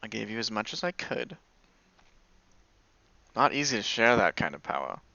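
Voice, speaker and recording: A man voicing a calm, cryptic pale witch. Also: fairly low pitch, moderate pace, vocal fry, dry recording, muffled recording, full character voice. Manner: calm, knowing, gently teasing.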